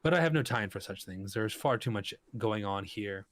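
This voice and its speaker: A man's voice: fairly low pitch, animated, normal speed, fairly bright tone, no echo. A man voicing a stern female ruler who speaks in formal, dismissive courtly phrases. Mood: curt.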